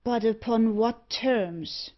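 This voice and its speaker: A woman voicing a bitter, frightened young gentleman, delivering his lines slowly and tensely. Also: a little high. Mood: wary. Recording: dull lo-fi audiobook recording.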